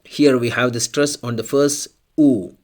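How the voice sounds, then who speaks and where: A man with a mid-pitched voice teaches a language lesson at an unhurried pace. He explains step by step and says each example word twice for the learner. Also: fairly even intonation, a little mellow. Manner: slow, deliberate, repeats example words twice.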